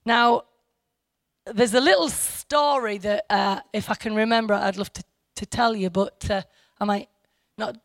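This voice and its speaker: A woman's voice: medium pitch, a little slow, pauses often, no room sound. A woman giving informal Bible teaching to a church group, rambling and correcting herself with asides to her listeners.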